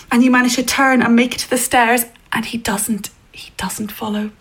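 A woman narrating a story in the second person, in a hushed, intimate way that often sinks toward a whisper. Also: a little high, steady tone, normal speed, few pauses, rough recording.

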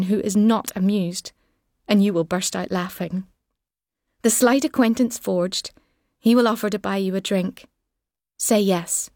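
A woman narrating an audiobook in a measured, wry way. Her voice sits mid-range, and the booth sound is dry and close. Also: mid-range voice, darkish tone, dry recording. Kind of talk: literary second-person narration.

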